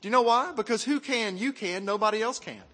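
A man from Arkansas, preaching a sermon in an animated, self-mocking way and asking the crowd questions. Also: high-pitched, fairly quick, big-room sound. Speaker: pastor.

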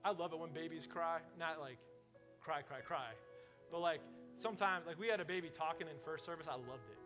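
A man's voice: fairly high pitch, brisk, over music. A man preaching a sermon in a casual, conversational way, full of fillers, in a church service held in a warehouse. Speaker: pastor.

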